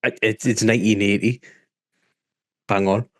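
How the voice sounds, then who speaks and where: A man with a northern English accent, co-hosting a podcast and telling stories in a relaxed, hesitant way. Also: fairly low pitch, normal speed. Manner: relaxed, hesitant storyteller full of ums. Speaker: podcast co-host. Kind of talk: casual chat.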